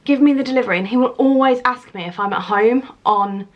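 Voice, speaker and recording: A woman's voice: a little high, fairly quick, highs cut off. A woman with a British accent chatting casually to camera at home in a rambling, waffling way. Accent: British English. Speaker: lifestyle vlogger. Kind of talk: casual vlog chat to camera. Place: at home, indoors.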